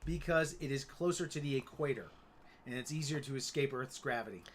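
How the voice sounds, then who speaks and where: A voice in the middle pitch range, chatting casually as co-host of a recap. The delivery is steady, with dry jokes tossed in. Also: fairly quick, breathy edge. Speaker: co-host of a show recap stream. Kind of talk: casual chat.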